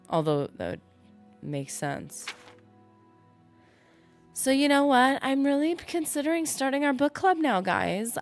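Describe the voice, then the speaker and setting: A woman gaming streamer with a somewhat low voice, chatting loosely and rambling as she plays. She talks straight to her viewers while faint music plays in the background. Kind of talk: casual live-stream commentary.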